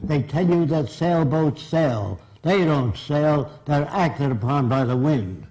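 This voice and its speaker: A man's voice: a little high, slow, dark tone, rough recording. An older man giving a blunt, emphatic seminar lecture to a live audience. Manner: blunt, emphatic, plain-spoken. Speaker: seminar speaker. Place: seminar room.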